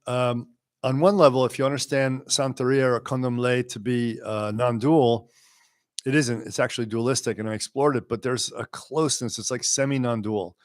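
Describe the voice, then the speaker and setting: A man teaching a live question-and-answer class, talking in a relaxed, wry way and sometimes slowing to a quiet, measured voice. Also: medium pitch, dry recording, clean studio sound. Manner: unhurried, wry, sometimes drops to a quiet slow voice.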